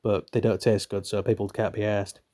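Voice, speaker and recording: Here the young host's voice sits fairly low, with a mellow sound, flat delivery, and moderate pace. He's from northern Britain and reads a book aloud, pausing for casual, swearing, irreverent digressions.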